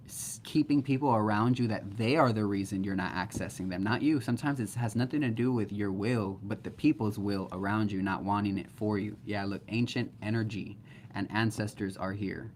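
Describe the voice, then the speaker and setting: A man's voice: fairly low pitch, a little hiss or hum. A man giving a casual live-stream tarot reading, blunt and chatty, swearing freely. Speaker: tarot reader.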